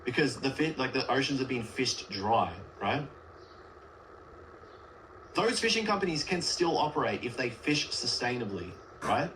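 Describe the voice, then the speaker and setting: A man's voice: medium pitch, lively intonation, unhurried, fairly bright tone, a little hiss or hum, poor audio. A man speaking as a guest on a livestream, arguing earnestly and rambling with many filler words. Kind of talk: casual debate on a livestream.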